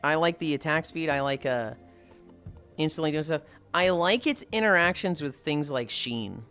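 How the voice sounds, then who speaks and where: A streamer talking in casual live-stream chat, with a voice that leaps up and down all over its range. The delivery is animated and profane, with frequent jumps into high mocking voices to imitate others. Faint music plays behind. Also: normal speed, clean tone. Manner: animated, jumps into high put-on voices when quoting people; profane, joking. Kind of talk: casual chat while playing and walking.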